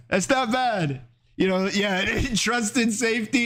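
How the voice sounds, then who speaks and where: Male streamer, casual riffing chat, reads chat aloud, highish voice. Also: slow, a bit bright.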